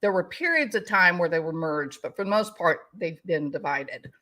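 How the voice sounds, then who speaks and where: A woman's voice: fairly low pitch, expressive, moderate pace, sharp tone. Chatty woman hosting a livestream. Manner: chatty, talks to viewers and her dogs. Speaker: YouTube news commentary host. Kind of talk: casual livestream chat.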